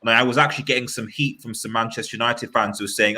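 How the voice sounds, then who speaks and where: A man hosting a live-stream football chat, talking in an animated, rambling way with many restarts. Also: medium pitch, fast talker, hardly any pauses. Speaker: fan channel host.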